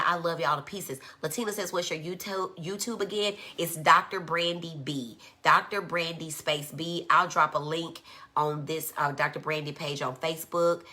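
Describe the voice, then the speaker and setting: Lady psychiatrist doing a casual live stream, low pitched but bright, reads comments out, lots of y'all. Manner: chatty, reads viewer comments aloud, says y'all often. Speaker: child and adolescent psychiatrist.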